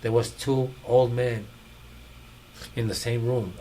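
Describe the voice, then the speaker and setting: A man's voice: mid-range voice, fairly even intonation, slow pace, mellow, slight background noise, rough recording. A man hosting a podcast, telling stories in slangy, profane casual chat. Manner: slangy, profane storytelling with laughs. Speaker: podcast host.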